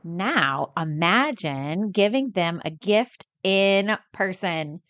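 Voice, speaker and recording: A woman hosting a podcast in casual chat, playful and quick with jokes. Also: on the low side, expressive, fairly bright tone, no room sound, highs cut off. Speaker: podcast host.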